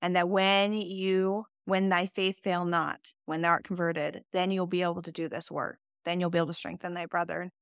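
A woman and mother co-hosting a faith podcast, talking in an earnest and animated way. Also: lowish voice, moderate pace, hardly any pauses, clear, resonant tone, no room sound, studio quality. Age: adult with children. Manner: earnest, animated, laughs while telling stories. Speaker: podcast co-host.

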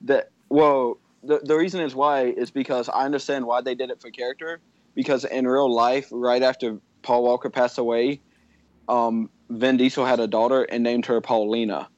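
A man's voice: mid-range voice, level tone, normal speed, dry recording, dull audio. A man in casual movie review chat, explaining his point with hesitant fillers.

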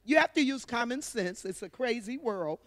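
A woman's voice: a little high, expressive, moderate pace, no room sound, clean studio sound, big-room sound. A woman sharing a personal testimony at church, telling her story earnestly and from the heart.

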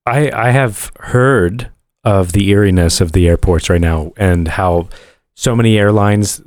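A man's voice: fairly low pitch, measured pace, darkish tone, no room sound, clean studio sound. A man hosting a casual chat, asking curious follow-up questions.

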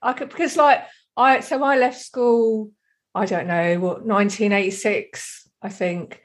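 A woman's voice: medium pitch, steady tone, a little slow. Chatty woman in her fifties. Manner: chatty, rambling with fillers and restarts. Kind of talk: casual chat.

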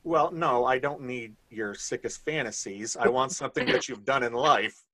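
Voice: mid-range voice, normal speed, bright, forceful tone. A podcast host running a party game in casual late-night chat, playfully teasing the panel with questions.

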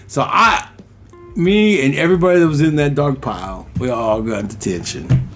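A man co-hosting a casual podcast, telling a story in an animated way, swearing freely and acting out quoted lines. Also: medium pitch, normal speed, soft background music. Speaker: podcast co-host.

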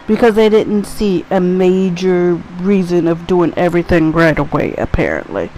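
A young adult woman hosting her own casual solo podcast, talking in a tired, rambling way with breathy asides. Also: lowish voice, sing-song, measured pace, a little hiss or hum. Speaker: podcast host. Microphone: USB microphone.

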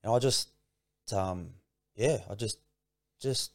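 A man with a low, gravelly voice talks as a podcast guest. He speaks earnestly and informally, stumbles over repeated words as he tells his story, and the sound is close and dry. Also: takes it slowly, no room sound. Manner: earnest, repeats words and restarts often, says "man" and "bro". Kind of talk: casual heartfelt interview.

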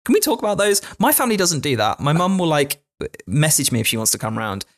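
A man's voice: fairly high pitch, big pitch swings, fast. A man from England co-hosting a casual podcast chat, joking around with lots of fillers and restarts. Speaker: podcast co-host. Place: indoor podcast recording. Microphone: podcast microphone.

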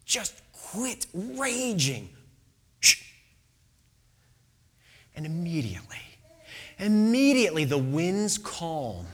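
A preacher delivers a sermon with a lively, swooping voice, moving between loud bursts and near-whispers. The pace is slow and deliberate, and the speaker keeps checking in with the listeners through questions. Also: medium pitch. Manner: animated storyteller who acts out quotes.

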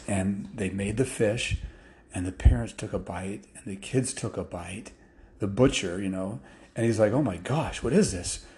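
A man telling a story in a loose, casual way, with restarts and fillers, picking up excitement as the action builds. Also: lowish voice, a little slow.

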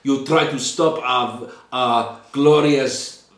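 A man's voice: mid-range voice, fairly even intonation, takes it slowly, echoey room, recorded from a distance, pitched above the performer's own voice, natural voice. Man doing a scornful Russian anarchist prisoner. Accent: put-on Russian. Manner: broken English, mocking, proud.

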